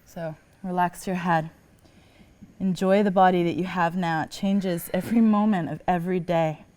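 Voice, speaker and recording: Soft-spoken woman leading a yoga class. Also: fairly low pitch, normal speed. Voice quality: calm, encouraging cueing, often soft. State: slightly out of breath. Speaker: yoga teacher. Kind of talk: guided yoga class instruction.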